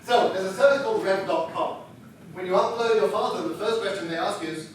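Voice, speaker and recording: High-voiced man teaching in an echoey room. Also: fast talker, slight background noise. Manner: chatty, self-deprecating humor. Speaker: book publisher presenting a workshop. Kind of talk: instructional presentation. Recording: echoey room picked up from a distance.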